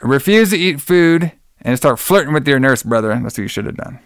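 A man's voice: medium pitch, lively intonation, fairly quick, no echo, studio quality. An American man co-hosting a podcast, recapping a film in casual, profane, joking chat. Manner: blunt, profane, jokey, says "brother" a lot. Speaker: podcast co-host. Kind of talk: casual movie review chat.

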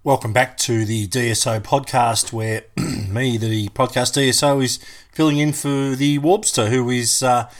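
A man hosting a jokey comedy podcast, excitable and laughing often. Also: mid-range voice, unhurried. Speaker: podcast host.

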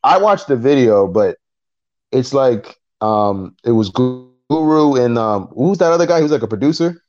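A man co-hosting a podcast in casual chat, retelling events in an animated way and acting out what people said. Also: medium pitch, normal speed. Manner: animated storytelling, acting out quotes. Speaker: podcast co-host. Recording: dull lo-fi recording.

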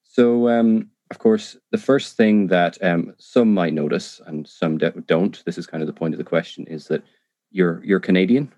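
A man's voice: deep voice, moderate pace, warm tone, no room sound, dull audio. A man who speaks English as a second language, hosting an interview in a hesitant, enthusiastic way with many ums. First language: not English. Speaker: podcast host. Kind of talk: casual interview talk.

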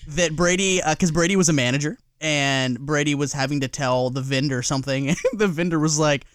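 Male co-host: dry and close-miked, slightly high, teasing. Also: brisk, a bit bright, no room sound. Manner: teasing, wisecracking. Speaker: podcast co-host. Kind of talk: casual podcast chat.

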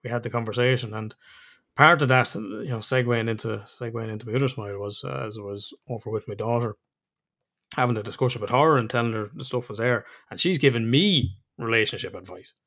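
A man's voice: mid-range voice, a little fast, fairly bright tone. A middle-aged man, hosting a podcast in casual chat, candid and reflective, swearing freely. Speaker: podcast host.

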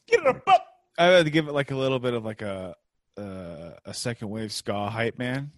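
A man's voice: medium pitch, moderate pace, no echo. A man hosting a podcast, chatting casually and riffing on jokes and stories. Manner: joking, riffing, animated storytelling. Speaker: podcast host. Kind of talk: casual chat.

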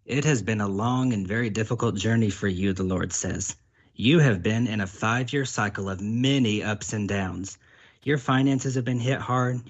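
A man's voice: on the low side, breathy edge, highs cut off. A man acting as a prophet, delivering prophetic words in an earnest, repetitive way and often speaking as God in the first person.

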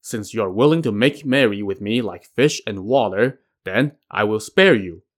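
A man's voice: fairly low pitch, moderate pace, close to an everyday voice. A man putting on a blustering lecherous general. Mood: excited. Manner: barking, blustery. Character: lecherous boastful enemy general, male adult.

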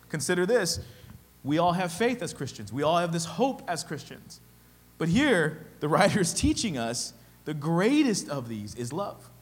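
A man pastor delivering a sermon in a high voice that rises and falls in lively swings. He presses his points hard, repeats phrases and keeps asking his listeners "okay?". The sound carries a long reverb, as from a hall.

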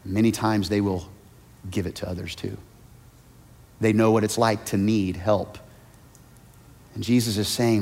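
A man preaching a sermon as a pastor, swinging between hushed, almost whispered asides and loud, high-pitched shouts. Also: unhurried. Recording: long hall reverb.

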